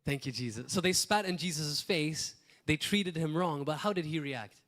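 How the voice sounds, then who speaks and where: Guy preaching a sermon, kinda rambly and animated, slightly higher voice. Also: normal speed. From Malta. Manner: lively, rambling preaching with acted-out quotes. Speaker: pastor.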